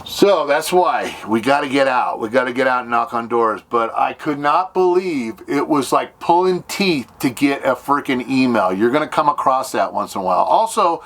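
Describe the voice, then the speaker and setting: A man's voice: mid-range voice, lively intonation, normal speed, few pauses, fairly bright tone. Rambling man retelling a gig hunt. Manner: acts out both sides of conversations, voice jumping up when quoting. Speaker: solo gigging musician vlogger. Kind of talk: rambling casual storytelling.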